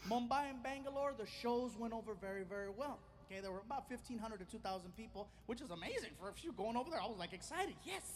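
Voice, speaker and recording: Male stand-up comic, very high voice, lively storyteller who acts out characters. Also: quick pace, few pauses. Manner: animated, acts out characters in his stories. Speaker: stand-up comedian.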